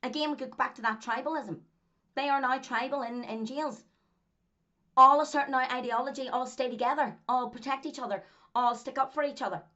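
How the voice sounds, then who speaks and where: A woman's voice: high-pitched, fairly even intonation, brisk, bright, forceful tone, muffled recording. A Northern Irish woman, a former track athlete, talking to camera in a casual monologue, hammering her points with repetition and frequent laughs. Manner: emphatic, repeats points, laughs often.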